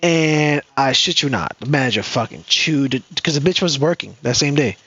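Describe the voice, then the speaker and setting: A man's voice: medium pitch, normal speed, slightly rough, no echo, muffled recording. A man co-hosting a podcast, telling a story in a casual way, cursing freely and acting out what other people said. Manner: animated, profane, acts out quoted people. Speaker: podcast co-host.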